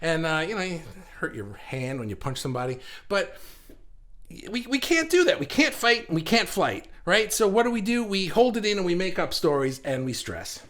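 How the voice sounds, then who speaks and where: A middle-aged man talks casually on a live stream, rambling through his thoughts with plenty of fillers and easy laughs at his own jokes. His voice sits a little higher than most men's. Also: sing-song, moderate pace, a bit bright. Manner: chatty and rambling, laughs at himself, many fillers. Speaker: live stream host reading viewer comments.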